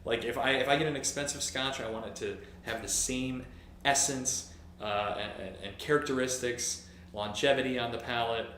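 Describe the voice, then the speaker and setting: A man co-hosting a casual whisky review, talking enthusiastically as he runs through the scores. His voice sits at an ordinary pitch and echoes around the room. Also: fairly even intonation, normal speed, a bit bright. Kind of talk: casual chat. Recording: echoey room with faint noise.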